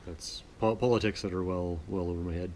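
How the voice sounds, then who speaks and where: A man from Manitoba, Canada, chatting in a relaxed, rambling, self-deprecating way as host of his sewing vlog. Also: low voice, a little fast, slight background noise. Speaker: sewing vlogger. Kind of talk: relaxed casual chat.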